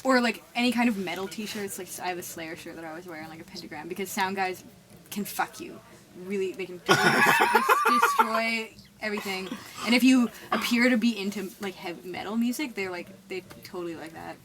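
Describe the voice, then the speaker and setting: A woman's voice: mid-range voice, animated, a little fast, noisy background. A young woman with a Canadian accent, a musician chatting loosely in an interview, rambling and saying "like" a lot. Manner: rambling, heavy use of "like". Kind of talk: casual interview chat.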